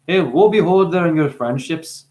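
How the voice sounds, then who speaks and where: A man who is high, talking in a rambling, profane monologue. His voice swings from low mumbling to sudden high exclamations. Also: animated, moderate pace, darkish tone. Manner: profane, playful. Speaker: spiritual video maker.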